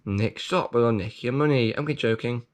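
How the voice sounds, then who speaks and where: A man hosting a video, reading a leaflet aloud with jokey commentary, playful and prone to sudden excited outbursts. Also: medium pitch, normal speed. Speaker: video host.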